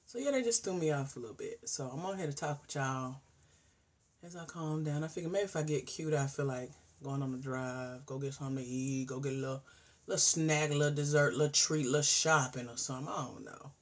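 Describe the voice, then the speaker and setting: A woman in her forties talks casually to a live audience. Her voice is husky and breathy. She is chatty and animated, moving between hushed asides and loud bursts. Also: deep voice, brisk. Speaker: host. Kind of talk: casual livestream chat.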